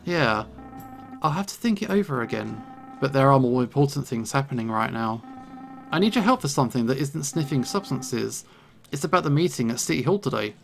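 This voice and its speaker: A man's voice: mid-range voice, animated, fairly quick, gravelly, faint music behind. A man hosting a let's play, commenting in a playful, jokey way and reading game dialogue. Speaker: gaming channel host.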